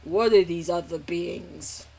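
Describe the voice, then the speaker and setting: A woman voicing her viewer's small territorial dog, speaking slowly with lofty disdain. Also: lowish voice, vocal fry, darkish tone, a little hiss or hum. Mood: indignant.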